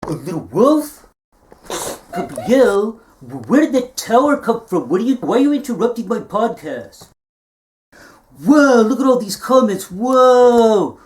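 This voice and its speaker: A man playing a self-absorbed male podcaster who exclaims often, in a low-budget comedy film. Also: very animated, a little slow, exaggerated voice. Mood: excited. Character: vain, excitable male podcaster. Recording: roomy echo.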